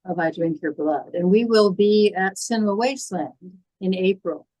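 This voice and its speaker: An older woman in her seventies speaks with a soft Midwestern American accent and crisp, theatrical diction. Her pitch sits mid-range, and the sound is close and dry, with no room around it. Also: moderate pace, no room sound, low-quality recording. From Illinois, US Midwest. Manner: articulate, polished diction like a trained stage actor. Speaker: guest, horror film actress. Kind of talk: casual podcast interview.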